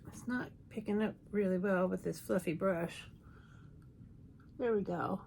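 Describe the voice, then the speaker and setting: A woman's voice: medium pitch, unhurried, creaky, darkish tone, slight background noise. A woman chatting casually through a makeup tutorial, playful and self-mocking. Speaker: makeup YouTuber.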